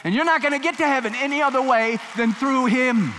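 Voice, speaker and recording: Male pastor, high-pitched, fervent pulpit delivery, reverb of a church hall. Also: fairly quick, a crowd in the background, background noise. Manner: impassioned preaching, voicing quotes with emphasis. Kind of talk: sermon.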